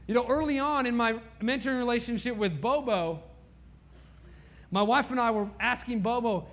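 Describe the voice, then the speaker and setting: A man in his thirties from Indiana preaching a sermon through personal stories, impassioned, swinging from hushed lines to near-shouts. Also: normal speed. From Indiana, USA. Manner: impassioned storytelling, rising to near-shouts at high points.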